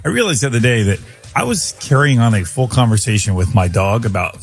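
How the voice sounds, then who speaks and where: A man talks fast with a lively, swinging pitch as he tells a story, acting out his own lines along the way. Faint music plays behind him. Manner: animated, acts out his own quotes. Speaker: radio co-host. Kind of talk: casual storytelling.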